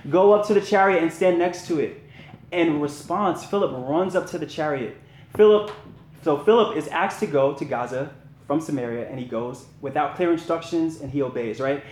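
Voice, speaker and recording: Man preaching, men's Bible study, earnest, conversational, slightly high voice, roomy echo. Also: normal speed, a little mellow. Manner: earnest, conversational, asks for responses. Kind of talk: sermon.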